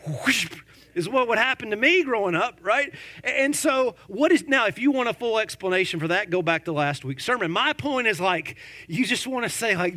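A male pastor preaching a sermon, lively and conversational, firing off rhetorical questions and joking asides to his congregation. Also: sits high, fairly quick.

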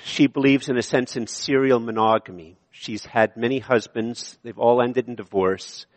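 A Canadian man preaching a sermon, moving between emphatic high points and quiet, slow passages. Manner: animated preaching, shifting from emphatic to hushed. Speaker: pastor. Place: church sanctuary. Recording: long reverb of a large hall.

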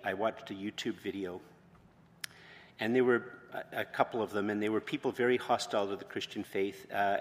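A man, a pastor, preaching a sermon in a conversational way that rises to loud, emphatic proclamations. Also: lowish voice. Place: church hall with long reverb. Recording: reverberant church hall.

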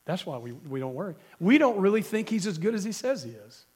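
Emphatic preacher with a cold, high voice. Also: male voice, big pitch swings, a little fast, slightly rough. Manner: emphatic, asks the congregation questions. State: has a cold. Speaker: pastor. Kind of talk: sermon.

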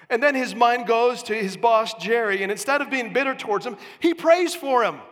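A man preaching a sermon as a pastor, emphatic, with sudden rises and soft drops. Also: very high voice, moderate pace, few pauses, long reverb tail.

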